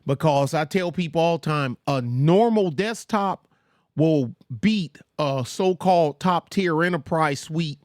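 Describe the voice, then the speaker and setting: A man hosting a casual livestream at home, talking slowly and bluntly with rambling, trash-talking asides. His voice sits a little high and is recorded dry and close on a desktop mic. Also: no room sound. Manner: mocks others in put-on voices. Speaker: livestream host.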